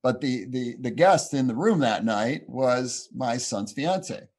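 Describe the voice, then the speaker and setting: A man's voice: medium pitch, animated, slow, a little mellow. A man in his forties, a pastor, answering interview questions in an earnest, heartfelt way with many fillers. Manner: earnest, heartfelt storytelling with frequent "you know" fillers.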